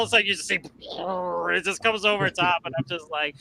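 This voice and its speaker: A man chatting casually about movies as a podcast guest, rambling and animated, with lots of fillers and restarts. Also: sits high, a little fast, creaky, hardly any pauses, a little hiss or hum, low-quality recording.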